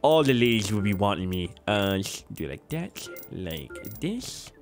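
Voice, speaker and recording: Lively jokey young man gaming. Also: a little slow, soft background music. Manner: jokey, talks to himself, sudden high-pitched outbursts. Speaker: gaming YouTuber. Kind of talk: casual gameplay commentary.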